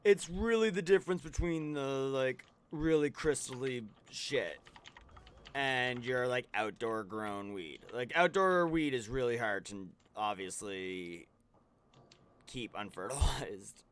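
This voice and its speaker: A man's voice: mid-range voice, lively intonation, slow pace, fairly bright tone, smooth. A man streaming a video game, chatting casually and rambling with many restarts and fillers. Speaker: streamer co-host. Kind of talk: casual chat while gaming.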